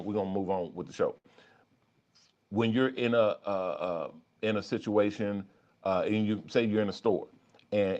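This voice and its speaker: A low-voiced man speaking as a life coach on a livestream. His talk is candid and conversational, full of repeats and restarts. The audio is dull and lo-fi. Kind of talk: livestream talk reading chat.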